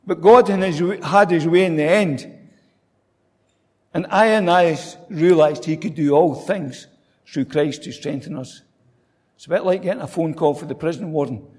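High-voiced man preaching in a hall. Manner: conversational, acting out quotes with rhetorical questions. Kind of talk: sermon. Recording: long hall reverb.

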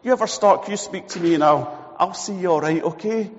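A big-talking friend, put on by a preacher, stammers once it is time to make good on his word. His voice sits slightly high. A long hall reverb and a dull recording color it. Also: fairly quick, close to an everyday voice. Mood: boastful. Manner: stammering when backing out. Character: boastful male friend offering loans, then backing out.

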